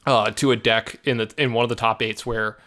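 A man with a mid-range voice talks briskly and casually about card games, telling stories. He's an animated storyteller who acts out other people's quotes.

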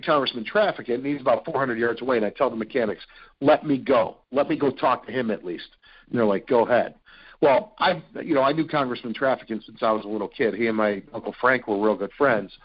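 A man from Ohio, a radio personality, telling stories as a podcast guest in an animated, excitable way. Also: mid-range voice. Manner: animated, excitable storyteller with frequent fillers. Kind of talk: casual storytelling interview. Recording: dull lo-fi podcast audio.

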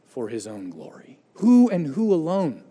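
A man preaching with a high, bright voice that swings from loud bursts to hushed, fading endings. His sermon rings with long reverb through a church hall. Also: huge pitch swings, a little slow. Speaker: pastor. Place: church sanctuary.

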